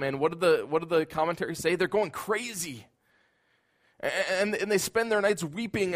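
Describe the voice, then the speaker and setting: A man preaching a sermon in an earnest voice, building at times into loud, emphatic outbursts. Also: high-pitched.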